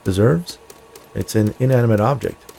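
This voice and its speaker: A man voicing a precise, literal-minded male robot who speaks in a flat, deadpan way in a storybook reading. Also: lowish voice, normal speed, vocal fry, a little hiss or hum.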